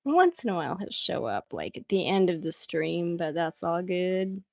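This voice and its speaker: A woman's voice: on the low side, big pitch swings, normal speed, gravelly, no room sound, clean studio sound. A woman chatting casually with viewers while she draws on a livestream, laughing often as she reads out their comments. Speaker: art livestream host.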